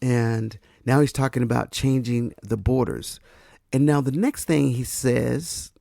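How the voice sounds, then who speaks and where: A man hosts a podcast in a gravelly, mellow voice, talking casually to his listeners and calling them guys. His delivery is dry and close, with no room sound around it. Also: medium pitch, steady tone, unhurried, no echo. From United States. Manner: conversational, addresses listeners as guys, asks rhetorical questions. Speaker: podcast host. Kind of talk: casual political commentary.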